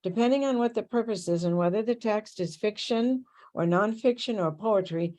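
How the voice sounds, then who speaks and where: A woman presenting a tutor training workshop on a video call, reading prepared material in a clear, steady, instructive way. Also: mid-range voice, normal speed.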